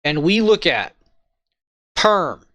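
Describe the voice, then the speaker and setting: A man walking viewers through a logic lesson in a halting way, often checking in with "right?" and "okay?". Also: sits high, sing-song, bright, forceful tone, no room sound. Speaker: logic tutor. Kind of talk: informal lesson walkthrough.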